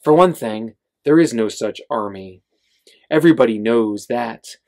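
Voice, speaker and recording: A man's voice: medium pitch, unhurried. Man reading his novel aloud. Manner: steady reading with filler-heavy asides. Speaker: author. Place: bookstore reading event.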